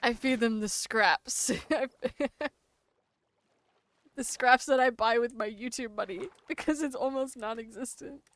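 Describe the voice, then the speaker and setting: A woman's voice: a little high, a little slow, a bit bright, dry recording. A young adult woman streaming a game and chatting casually with a sore throat. She rambles, uses lots of "like" fillers, and laughs often. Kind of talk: casual chat while gaming.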